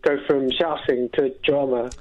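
A man chatting on air and asking brisk, friendly questions over a dull, lo-fi line. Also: mid-range voice, fairly even intonation. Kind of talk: casual radio chat.

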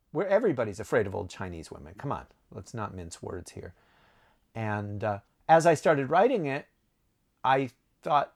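A man chatting about his own writing in an easygoing, rambling way. He corrects himself mid-sentence and laughs at his own stories. His voice sits at an ordinary middle pitch. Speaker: author answering reader questions. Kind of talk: casual chat.

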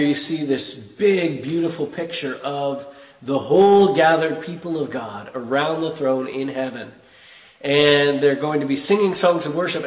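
A man preaching a conversational sermon, earnest and explanatory, pausing to restart his thoughts. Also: fairly high pitch. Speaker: pastor. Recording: echoey room.

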